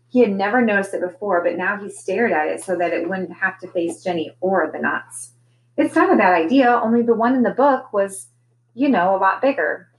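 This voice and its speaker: Low-voiced woman reading a storybook. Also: low-quality recording. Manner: gentle storytelling with quoted lines voiced. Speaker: teacher reading to a class. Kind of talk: reading a children's novel aloud.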